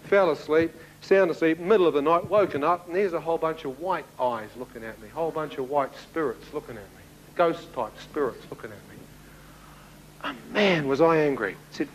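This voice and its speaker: A man from New Zealand with a New Zealand accent, telling his testimony as a sermon and acting out the dialogue in an animated way. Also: fairly high pitch, brisk, a little hiss or hum, poor audio. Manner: animated storyteller who acts out dialogue, with laughs. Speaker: preacher giving a testimony.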